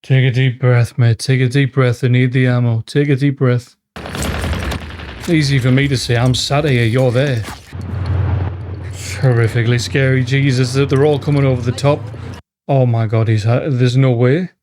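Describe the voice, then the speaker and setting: A man's voice: mid-range voice, steady tone, moderate pace. A man hosting a live movie reaction, talking emotionally to the screen and swearing as he watches. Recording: noisy with loud film audio.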